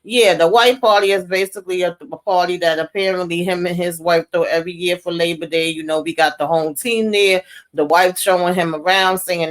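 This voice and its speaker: A woman casually recapping a TV episode for her channel, slangy and animated, with mild cursing. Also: lowish voice, brisk. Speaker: TV recap vlogger.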